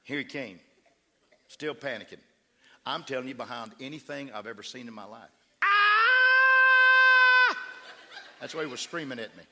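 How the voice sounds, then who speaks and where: A man, a pastor, telling a story in a sermon with an animated, humorous delivery. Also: medium pitch, brisk, crowd noise.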